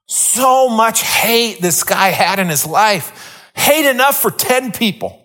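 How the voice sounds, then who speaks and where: Pastor guy, middle-aged, bright forceful voice, tells funny stories in his sermon, gets worked up. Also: sits high, slow pace. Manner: animated storytelling, rising into excited exclamations.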